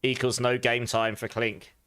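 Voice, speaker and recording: A man's voice: mid-range voice, flat delivery, a little slow, a bit bright, clear, resonant tone, no room sound. A man streaming a game live, chatting casually with viewers and laughing often. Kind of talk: casual live stream chat while gaming.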